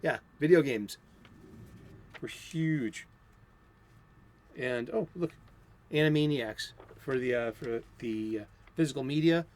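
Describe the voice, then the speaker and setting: A man's voice: mid-range voice, slow pace, pauses often, a little mellow. A man hosting a daily comic book talk show, chatting loosely and enthusiastically with many restarts and fillers, recorded lo-fi at home. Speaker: comic book channel host. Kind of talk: unscripted casual chat.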